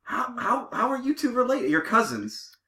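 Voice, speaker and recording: A man's voice: very high voice, big pitch swings, normal speed, pushed and bright, echoey room. A man hosting a comedic podcast, rambling and joking with lots of restarts. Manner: rambling, jokey, restarts a lot. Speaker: podcast host.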